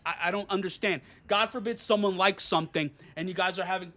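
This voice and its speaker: A man's voice: high-pitched, fairly even intonation, quick pace, hardly any pauses, bright, forceful tone, soft background music. A man reviewing games, ranting in a profane, exasperated way. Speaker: game reviewer. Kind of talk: ranting game commentary.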